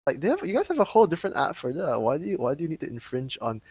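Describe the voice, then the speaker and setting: A young man, teasing his co-host with deadpan jokes. His pitch swings widely, and the recording sounds dull and lo-fi. He talks in a loose podcast banter style. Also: racing, breathy edge, no room sound. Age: young adult.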